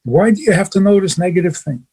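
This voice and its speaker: Husky, higher-pitched man teaching, chuckling. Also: animated, fast talker, warm tone. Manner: chuckles often, emphatic rhetorical questions. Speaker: rabbi and radio show host. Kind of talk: teaching talk on a radio show.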